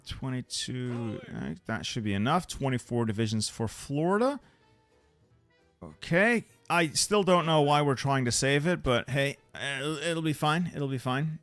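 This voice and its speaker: A man's voice: fairly high pitch, fairly bright tone, dry recording. A man giving casual commentary on his strategy game, chatting with viewers and muttering to himself as he plans. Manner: chatty, answers viewers, mutters repeated words. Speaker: gaming channel host.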